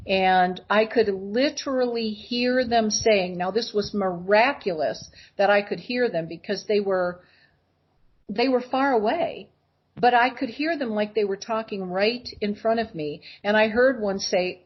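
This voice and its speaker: A woman guest tells personal stories with animation, acting out the voices of the people in them. Her voice is husky and medium-pitched, and the audio sounds dull.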